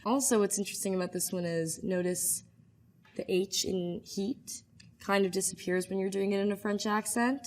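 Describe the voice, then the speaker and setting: A woman's voice: medium pitch, normal speed, darkish tone. Chatty woman hedging with "like". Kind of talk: casual explanation from a video segment.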